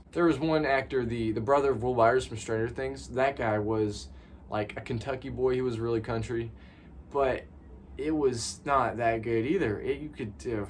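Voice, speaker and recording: A man's voice: mid-range voice, a little hiss or hum. A young man giving a casual, rambling movie review, often repeating words and saying "like".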